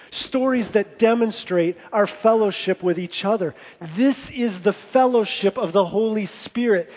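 High-voiced preacher in an echoey church. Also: male voice. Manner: impassioned, repetitive preaching cadence. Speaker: pastor. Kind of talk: sermon. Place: church sanctuary.

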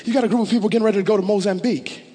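A male pastor preaching with passion, his fairly high voice swelling into loud declarations. His words ring out with a long reverb, as in a large church sanctuary. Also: fairly even intonation, very fast, slightly rough. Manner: impassioned, rising to loud declarations. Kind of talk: sermon.

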